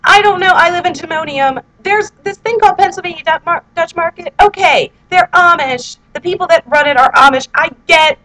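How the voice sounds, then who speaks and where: A woman's voice: very high voice, fairly quick, few pauses, bright, forceful tone, rough recording. A woman in her twenties, a vlogger chatting casually and self-mockingly at home, reading out her own posts into a handheld recorder. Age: 20s. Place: her apartment, indoors.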